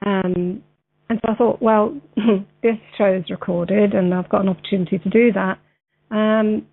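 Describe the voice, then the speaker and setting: A woman hosting an internet radio show, chatting hesitantly with many fillers and then reading a text slowly. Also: mid-range voice, fairly even intonation, gravelly. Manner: hesitant, many ums and uhs. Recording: tinny phone-line sound.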